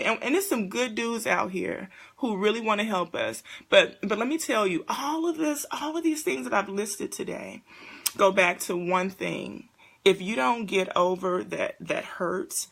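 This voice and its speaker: A woman in her thirties hosting a casual live-stream chat for single parents, talking straight to viewers in an animated, preachy way. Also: medium pitch, normal speed, gravelly.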